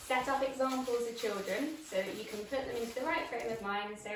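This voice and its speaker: A woman explaining dog training while playing with her puppy, giving clear, practical instructions. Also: on the high side, a little fast. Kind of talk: instructional demonstration. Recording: echoey room, voice from a distance, background noise.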